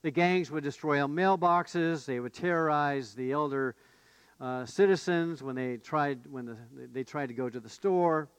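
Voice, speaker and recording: Higher-voiced male pastor preaching. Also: a little slow, smooth, no room sound. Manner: storytelling, rising to emphatic questions. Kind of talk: sermon.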